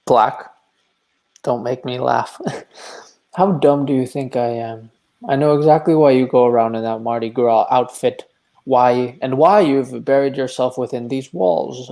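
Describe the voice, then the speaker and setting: A man voicing a blunt, quick-tempered male landowner who talks in scorn and mockery, in a stage play read over a video call. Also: medium pitch, creaky, darkish tone. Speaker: actor in a live online reading.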